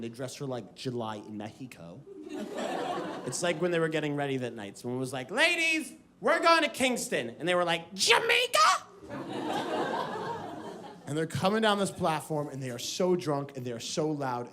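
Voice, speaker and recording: On a comedy club stage before a live audience, an American man performs stand-up, telling a story and acting out the voices of its characters. His mid-range voice comes through background noise and loud crowd laughter in the live recording.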